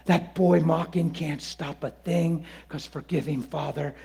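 A man preaching in an animated storytelling style, laughing and swinging between loud bursts and hushed asides. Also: fairly high pitch, measured pace, gravelly. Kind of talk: storytelling sermon.

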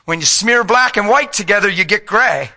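A middle-aged male preacher with a very bright, ringing voice that sits a little high. He preaches with fervor, calling out to the congregation, then dropping to a hushed tone. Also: expressive, moderate pace, creaky. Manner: emphatic, call-and-response, swings from loud to hushed. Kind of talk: sermon.

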